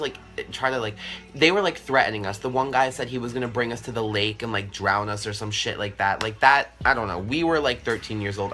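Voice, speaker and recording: A young man telling a storytime vlog in a chatty, animated way, full of fillers and swearing. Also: medium pitch. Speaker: vlogger.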